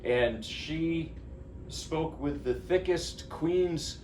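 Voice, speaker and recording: A man's voice: on the high side, extremely slow, a little mellow, slight background noise. A man from New Jersey who plays piano chats informally between pieces in a small, living-room-like recital room. He rambles, breaks off his own sentences and keeps a lighthearted tone. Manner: chatty, rambling, self-interrupting, lighthearted. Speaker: pianist giving a lecture-recital. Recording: distant mic with faint room ambience.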